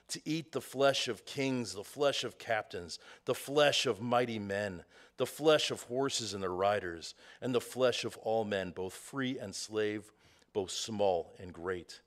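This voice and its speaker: A man reading a scripture passage aloud in a measured, solemn way, slowing down on key phrases. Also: fairly low pitch, fairly bright tone. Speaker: scripture reader.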